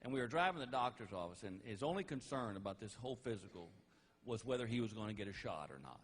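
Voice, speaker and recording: Folksy, animated man doing stand-up comedy. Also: lowish voice, fast talker. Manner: folksy, animated, laughing at his own jokes. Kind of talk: stand-up storytelling. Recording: live comedy album with faint noise.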